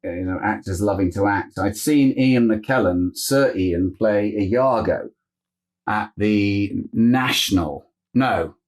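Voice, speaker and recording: A man's voice: on the low side, slow. A man, a guest actor, telling anecdotes in a casual interview and slipping into impressions as he goes.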